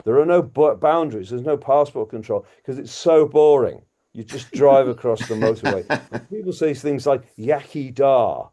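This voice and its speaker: A guest comedian from Liverpool, England, with an English accent, does rambling, self-mocking stand-up over a video call, chuckling as he drifts off topic. His voice is mid-range and mellow, at a moderate pace.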